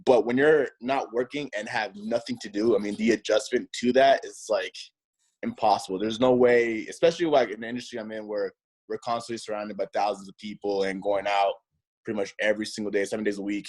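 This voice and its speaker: A man chatting as an interview guest in a relaxed, rambling way full of fillers. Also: lowish voice, brisk. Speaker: guest, nightlife host. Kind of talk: casual interview chat.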